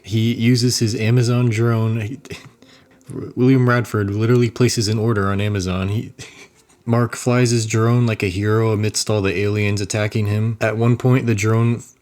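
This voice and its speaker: A man's voice: fairly low pitch, a little mellow. A young man giving casual, mocking commentary as a video creator, rambling loosely and chuckling often. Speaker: YouTuber reviewing a movie while sculpting.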